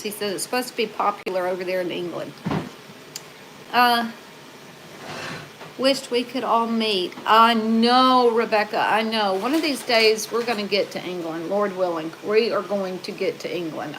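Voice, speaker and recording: A woman's voice: mid-range voice, a little slow, a bit bright, slight background noise, poor audio. A woman hosting a casual livestream, chatting and reading viewer comments aloud. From Southern United States.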